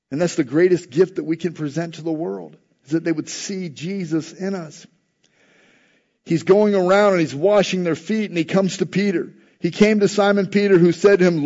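A man's voice: medium pitch, dark tone. Man preaching a sermon, lo-fi sound. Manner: earnest, conversational preaching with acted-out quotes. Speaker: pastor.

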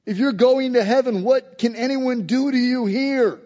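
A man's voice: extremely high pitch, normal speed, mellow, long reverb tail, dull audio. A man preaching a conversational sermon to a congregation, emphatic, and acting out quotes in everyday speech. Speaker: pastor.

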